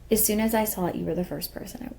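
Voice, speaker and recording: A woman's voice: medium pitch, fast talker, gravelly, a crowd in the background. A young woman co-hosting a podcast, talking earnestly in a rambling casual chat full of fillers. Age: young adult. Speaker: podcast co-host.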